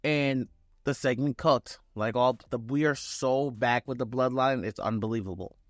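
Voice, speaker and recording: A young man giving a casual, excited wrestling show recap, acting out quotes with loose swearing. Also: medium pitch, normal speed, no room sound, studio quality.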